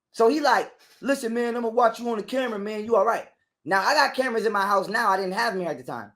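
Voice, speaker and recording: A man's voice: very high voice, fast. Profane man telling a wild story. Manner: animated retelling that acts out other people's lines. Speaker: interview guest. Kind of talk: profane storytelling in casual conversation.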